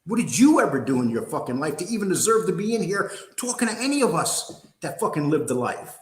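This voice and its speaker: A man's voice: a little high, sing-song, brisk. Profane, combative older man ranting. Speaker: host. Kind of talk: angry livestream rant. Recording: roomy echo.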